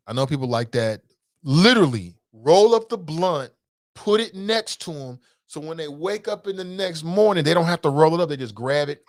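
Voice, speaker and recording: Picture a man talking into a close mic, his voice dry with no room around it, as he hosts a casual call-in talk show. His pitch sits in a middle range. He reads listener comments aloud and answers them in a blunt, animated way, swearing freely. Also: no echo.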